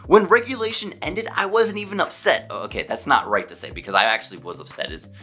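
A man who is a hockey fan vlogger, giving an excited solo game recap, emphatic and stumbling over his words when worked up. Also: a little high, fast talker, breathy edge, soft background music.

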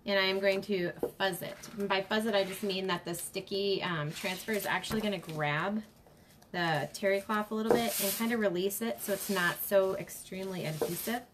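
A woman's voice: medium pitch, steady tone, brisk, noisy background. A woman hosting a casual craft demonstration, chatting and greeting viewers by name as she works. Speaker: craft livestream host.

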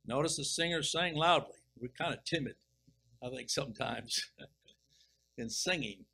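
Bright-voiced pastor preaching a sermon. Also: male voice, mid-range voice, creaky, low-quality recording. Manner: reads scripture slowly and deliberately, then comments with emphatic swells. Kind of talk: expository sermon reading and explaining scripture.

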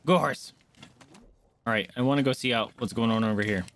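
A man streaming a game live, chatting casually with viewers and reacting out loud. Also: mid-range voice, brisk, slight background noise. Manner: chatty, greets chat, squeals when startled.

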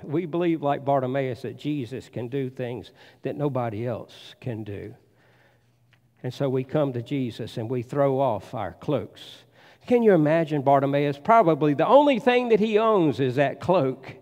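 A man's voice: mid-range voice, lively intonation. Man preaching in a reverberant church. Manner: emphatic, repeats key phrases softer and slower. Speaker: pastor. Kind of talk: sermon. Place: church sanctuary.

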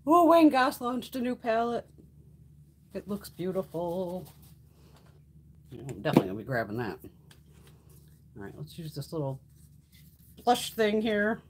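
A woman's voice: mid-range voice, sing-song, unhurried, pauses often, husky. A middle-aged woman chatting casually while hosting a beauty livestream, swearing freely and laughing often. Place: home makeup room.

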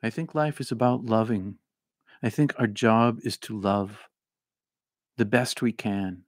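A middle-aged man with a faint Boston accent, hosting a casual livestream and reading viewer comments in an animated, rambling way that restarts often. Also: on the low side, measured pace, no room sound, clean studio sound. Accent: Boston, mostly trained out. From Boston area.

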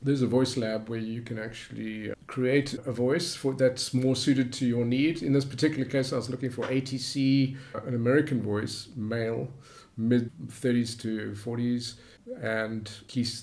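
A man hosting a screen-recorded software tutorial, explaining in a relaxed way with frequent fillers. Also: medium pitch, gravelly. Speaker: YouTube tutorial host.

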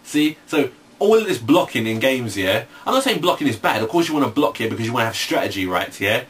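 A man's voice: medium pitch, big pitch swings, fast talker, a bit bright. A young man chatting casually as co-host, slangy, tagging his sentences with "right, yeah?". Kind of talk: casual chat. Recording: distant from the mic, faint background hiss.

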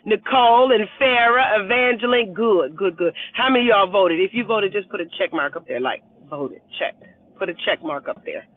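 Holding her phone camera at arm's length, a livestream host welcomes each viewer by name, laughs a lot, and encourages everyone to vote. She has an animated mid-range voice and a moderate pace. The audio is dry and tinny, like a phone.

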